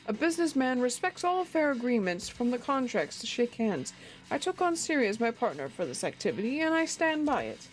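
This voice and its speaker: A woman's voice: a little high, very animated, a little fast, poor audio. A woman voicing a courtly older male chef mascot who talks like a folksy businessman, over faint music. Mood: dignified. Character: smooth-talking older male fried-chicken mascot chef.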